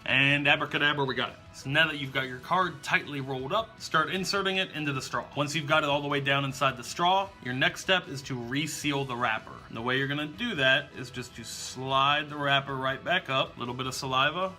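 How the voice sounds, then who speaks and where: A man's voice: mid-range voice, a little fast, few pauses, sharp tone, soft background music. A man hosting a magic tutorial, explaining each trick step by step in an upbeat way. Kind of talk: instructional demonstration.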